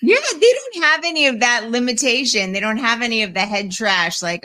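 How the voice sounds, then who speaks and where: A woman's voice: on the high side, big pitch swings, moderate pace, few pauses, sharp tone, dry recording. A woman guest in an interview, speaking fluently and articulately as a media trainer. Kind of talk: interview answers.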